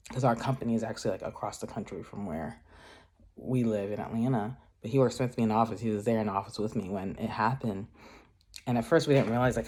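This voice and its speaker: A man's voice: on the low side, darkish tone. A man chatting casually in a craft vlog, rambling with many filler words and frequent laughs. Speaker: craft vlogger.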